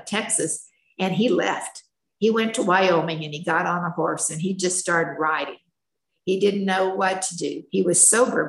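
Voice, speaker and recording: Gravelly older woman telling her story. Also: on the low side. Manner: candid, plainspoken, folksy. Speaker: retired schoolteacher sharing her recovery story. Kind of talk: personal storytelling, candid share. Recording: echoey room.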